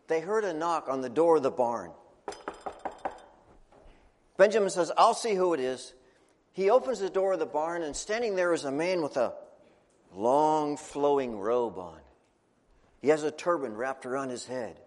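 A man telling a children's sermon as a lively story, chatting and asking his listeners questions. His voice is on the high side. The sound echoes through a hall with long reverb. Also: normal speed. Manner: animated, chatty, asks the audience questions.

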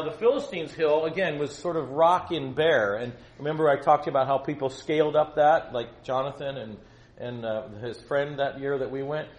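A man preaching a sermon, telling a story with animated delivery and acting out the voices in it. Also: on the high side. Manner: animated, acts out voices in his stories. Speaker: pastor leading a Bible study. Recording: roomy, distant mic with faint ambience.

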